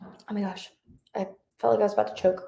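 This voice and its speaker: Speaking quickly in a warm, gravelly mid-range voice with flat delivery, this twenty-something woman runs a casual livestream where she reads and answers viewer comments. She's bubbly and chatty, rambling along with lots of fillers.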